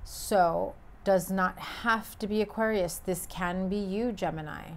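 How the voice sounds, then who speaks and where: A woman's voice: medium pitch, steady tone, unhurried, slight background noise. A woman giving a casual tarot reading, talking bluntly and emphatically with frequent swearing. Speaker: tarot reader.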